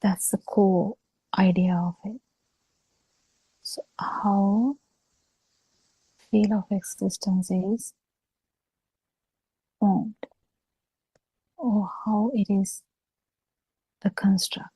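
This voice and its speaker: A woman giving a Buddhist talk over a video call, speaking slowly with halting pauses and fillers. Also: medium pitch, fairly even intonation, mellow, husky, dry recording, low-quality recording. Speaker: Buddhist teacher.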